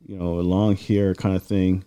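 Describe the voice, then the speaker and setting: A man in casual chat, telling a long personal story in a rambling, animated way with lots of fillers. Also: deep voice, moderate pace, smooth. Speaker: guest.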